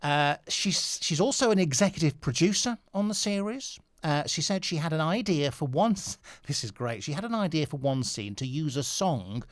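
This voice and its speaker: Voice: mid-range voice, lively intonation, moderate pace, few pauses, dry recording, studio quality. A radio host chatting casually on air, laughing often and restarting sentences.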